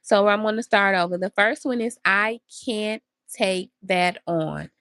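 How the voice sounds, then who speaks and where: A woman's voice: mid-range voice, unhurried, a bit bright, no echo. A woman hosting a podcast, giving earnest, encouraging advice straight to her listeners. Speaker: podcast host. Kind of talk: motivational talk.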